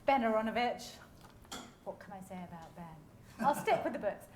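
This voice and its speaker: A woman chairing a festival panel discussion, chatty and quick, laughing often. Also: medium pitch, lively intonation, a little mellow, slight background noise. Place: festival stage. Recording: echoey hall, faint ambience.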